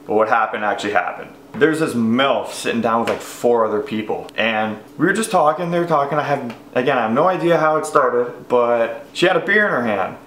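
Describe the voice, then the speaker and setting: A man's voice: mid-range voice, a little fast, hardly any pauses, fairly bright tone, echoey room, slight background noise. A young man telling a crude, rambling story, full of swearing and quoted voices. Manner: profane, rambling, quoting people in voices. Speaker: vlogger.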